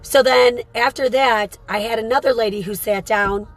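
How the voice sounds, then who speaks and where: A woman's voice: on the high side, fairly even intonation, moderate pace, soft background music, rough recording. A woman who works as a psychic medium and hosts a show, telling a story in a rambling, casual way and repeating phrases for emphasis.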